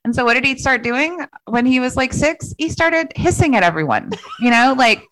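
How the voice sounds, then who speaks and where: A woman's voice: high voice, animated, moderate pace, a bit bright, a little hiss or hum, low-quality recording. A middle-aged woman talking casually on a podcast. She rambles through her stories, pokes fun at herself and fills her speech with "like" and "you know". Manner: rambling, self-deprecating, filler-heavy storytelling with frequent laughs. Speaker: podcast guest. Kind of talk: casual chat.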